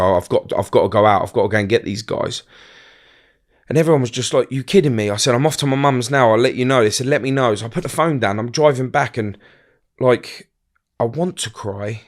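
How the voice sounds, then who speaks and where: Man, middle-aged, blunt, halting, acts out quotes, mid-pitched voice. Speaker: guest. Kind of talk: emotional personal storytelling.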